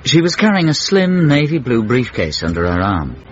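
A man narrating a radio comedy drama with wry, measured storytelling. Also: mid-range voice, sing-song, slight background noise. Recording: dull lo-fi radio broadcast.

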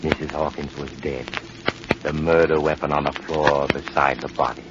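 An actor playing an eerie host who tells a murder tale, in 1940s radio drama style, with a measured manner. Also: male voice, extremely low pitch, level tone. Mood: ominous. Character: eerie male storyteller Doctor Weird, very deep. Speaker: host narrator. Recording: lo-fi old radio with loud hiss.

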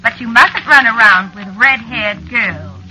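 A woman's voice: on the high side, animated, a little slow, a little hiss or hum, exaggerated voice, poor audio. A sly, jealous witch wife. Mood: menacing. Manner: teasing, coy, softly threatening. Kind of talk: old-time radio drama acting.

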